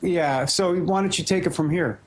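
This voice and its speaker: A man's voice: high voice, normal speed. A man hosting a morning news show, joking and lightly sarcastic with his co-hosts.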